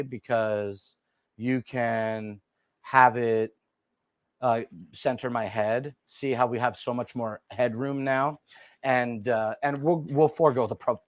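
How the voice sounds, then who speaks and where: A man hosting a live shopping stream, chatting casually and softly to viewers while demoing gear on a lapel mic. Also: medium pitch, no echo. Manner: chatty, rambling, talks straight to viewers; speaking softly and relaxed instead of his usual loud delivery. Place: indoor room, moving around on camera. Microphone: wireless lapel mic.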